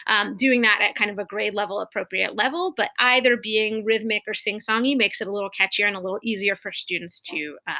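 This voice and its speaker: A young adult woman coaching teachers, explaining classroom call-and-response techniques and demonstrating them with clear, exaggerated cues as if to students. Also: mid-range voice, pushed and bright. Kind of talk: instructional demonstration.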